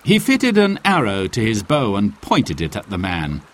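A man reading a children's storybook aloud with slow, clear, expressive narration. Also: lowish voice.

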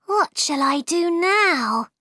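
A woman's voice: very high voice, lively intonation, slow, sharp tone, dry recording, clean studio sound, pitched above the performer's own voice, exaggerated voice. A woman voicing a curious, polite young girl in a storybook, asking earnest, puzzled questions.

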